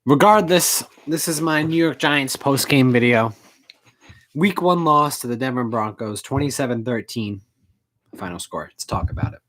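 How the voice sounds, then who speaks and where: A woman's voice: very deep voice, expressive, normal speed. A woman ranting in a postgame fan video, angry, profane and emotional, on a home recording setup. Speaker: sports fan vlogger. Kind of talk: postgame rant.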